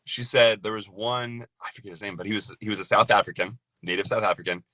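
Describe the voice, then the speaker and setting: A man's voice: on the low side, quick pace, pushed and bright, no echo. A man, a voice actor, chatting loosely and joking after a few drinks. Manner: loose, joking, laughs often. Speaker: voice actor guest. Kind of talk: casual tipsy chat.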